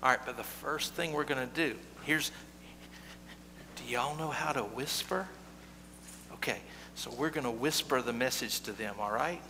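A man's voice: medium pitch, normal speed, long pauses. A male pastor, leading prayer and talking playfully with children in a church. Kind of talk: leading liturgy and a children's message. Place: church sanctuary. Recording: reverberant church with faint hum.

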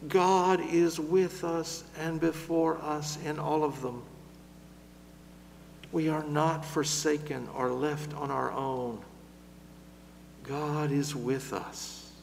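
A man preaching a sermon in a slow, measured way, building louder through lists and then dropping to a soft, gentle close. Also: fairly high pitch, little pitch movement, vocal fry, long reverb tail, a little hiss or hum.

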